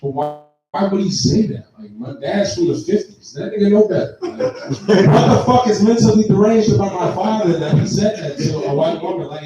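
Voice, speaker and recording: A man's voice: high voice, animated, brisk, muffled recording. A young man in his twenties doing a profane stand-up set, laughing along as he tells his stories. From Texas. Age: 20s. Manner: profane, storytelling, laughing at own jokes. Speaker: stand-up comedian. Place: live comedy venue with audience. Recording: echoey room, far mic, crowd. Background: audience reactions.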